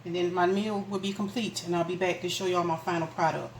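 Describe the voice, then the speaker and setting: A woman's voice: lowish voice, fairly even intonation, a little fast. Woman, casual cooking vlog, homey and chatty, echoey kitchen, household noise. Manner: homey, chatty, addresses viewers as "y'all". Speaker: home cooking vlogger. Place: home kitchen.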